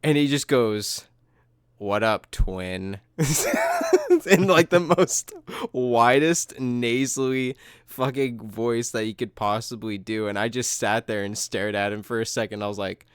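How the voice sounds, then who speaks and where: A man's voice: medium pitch, very animated, measured pace, clean tone, no echo, studio quality. A man hosting a podcast in casual chat, swearing freely, laughing often and filling his talk with "like" and "dude". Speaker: podcast host.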